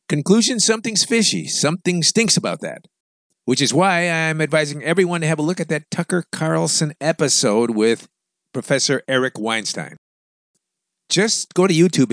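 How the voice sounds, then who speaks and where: A man's voice: fairly high pitch, fairly bright tone, dry recording, studio quality. A man hosting a radio show, delivering an opinionated, sarcastic monologue full of wisecracks.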